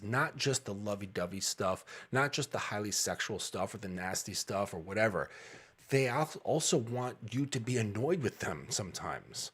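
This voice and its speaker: A man's voice: fairly low pitch, husky. A man in his thirties, a dating coach, talking bluntly and casually with frequent profanity and laughs.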